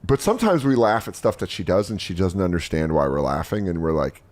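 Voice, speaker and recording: Animated man telling funny stories. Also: low-pitched, brisk. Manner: animated, shifts into loud impressions of others. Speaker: podcast host. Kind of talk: comedic storytelling and casual chat.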